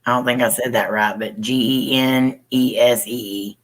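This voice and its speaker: This is a man co-hosting a relaxed livestream chat with his viewers. He talks slowly and easily, spelling words out letter by letter and laughing often as he chats. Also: mid-range voice, low-quality recording. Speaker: livestream co-host.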